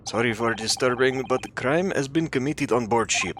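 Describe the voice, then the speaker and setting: A man's voice: medium pitch, moderate pace, noisy background, natural voice. A man voicing a stiff, earnest sailor in a game, with a put-on Russian accent and broken English. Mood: stern.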